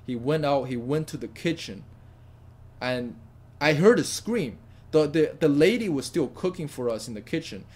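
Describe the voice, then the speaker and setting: A young man telling a story to camera in a lively, stammering way, often repeating words as he goes. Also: on the high side, moderate pace. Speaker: vlogger. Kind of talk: casual spoken story to camera.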